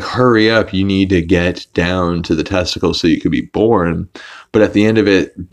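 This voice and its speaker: A man's voice: low voice, darkish tone. A young man hosting a podcast, casually recapping a cartoon episode in a rambling, profane way with many restarts and fillers. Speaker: podcast host.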